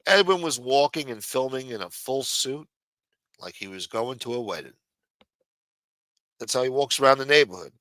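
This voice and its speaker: A man's voice: medium pitch, expressive, normal speed, pauses often, a bit bright, no echo, poor audio. A man on a livestream ranting angrily and scolding a viewer, with lots of profanity. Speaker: livestream co-host. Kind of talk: heated livestream rant.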